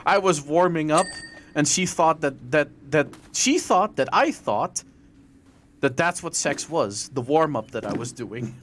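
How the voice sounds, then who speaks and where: A Dutch man, a native Dutch speaker, hosts a relaxed live-streamed podcast with his voice rising and falling a lot as he tells stories. He sits a little higher than most men and pokes fun at himself. A faint hiss sits under the desk mic. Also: a little slow. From Netherlands. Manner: animated storyteller, self-deprecating. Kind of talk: casual podcast chat.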